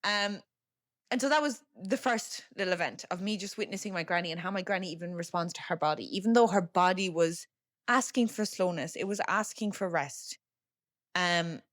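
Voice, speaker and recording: A young Irish woman hosts a podcast, telling a personal family story in a chatty, frank way full of fillers and the odd swear word. Her voice is lowish and fairly bright at a normal speed, recorded dry with studio quality.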